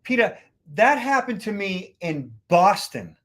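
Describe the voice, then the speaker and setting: A Boston-based podcast host tells a travel story in a relaxed, chatty manner, repeating words when he restarts a thought. His voice is high, sing-song, slightly bright and unhurried.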